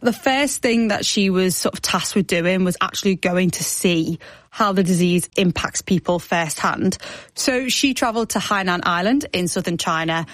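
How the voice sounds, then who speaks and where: Woman radio narrator, clear and explanatory, dry close studio mic. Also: lowish voice, normal speed, dry recording. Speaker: radio presenter. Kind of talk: scripted radio documentary narration.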